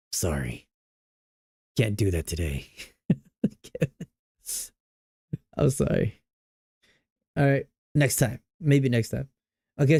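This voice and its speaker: A man's voice: medium pitch, warm tone, no echo, studio quality. A young man streaming, reacting to game music in casual, slangy chat, hyped and repeating himself.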